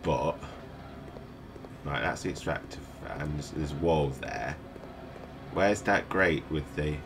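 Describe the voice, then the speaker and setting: Rumbling low with vocal fry and a slow pace, a tired British man up at night mutters to himself while playing. As a let's play host he rambles through casual commentary, with game music playing over a noisy background.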